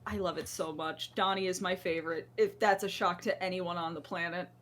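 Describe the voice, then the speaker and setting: A woman's voice: lowish voice, fairly even intonation, fairly quick, a bit bright, a little hiss or hum. A woman hosting a podcast in casual chat, a jokey, self-deprecating storyteller. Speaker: podcast host.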